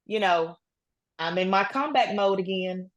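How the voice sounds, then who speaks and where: A woman who survived cancer speaks as a guest in a casual interview, her voice medium-pitched and her pace moderate. She tells her story earnestly, sprinkling in plenty of "you know"s.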